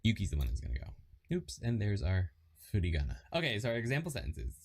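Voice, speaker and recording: Chatty man explaining, lively pitch. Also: fast, a little hiss or hum. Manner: relaxed and chatty, reads and repeats example sentences. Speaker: Japanese learner teaching lessons. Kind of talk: casual lesson explanation.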